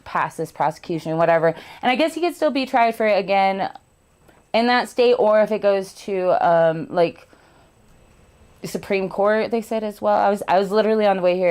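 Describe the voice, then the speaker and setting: A woman's voice: on the low side, fairly quick, darkish tone. Candid, sarcastic young woman hosting a chat. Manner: candid, swears freely, laughs and jokes sarcastically. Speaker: podcast host. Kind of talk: casual chat.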